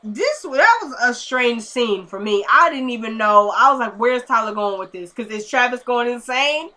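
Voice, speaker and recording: A woman recapping a TV episode in a chatty, excitable and slangy way. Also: fairly high pitch, moderate pace. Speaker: TV episode reviewer. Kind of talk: casual recap commentary.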